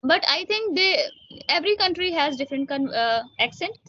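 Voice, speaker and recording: A young woman, a student, talking in a casual practice conversation and speaking carefully with many filler pauses. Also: high voice, expressive, sharp tone, dry recording. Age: young adult. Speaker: student learner. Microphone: online voice call. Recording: dry, dull call audio.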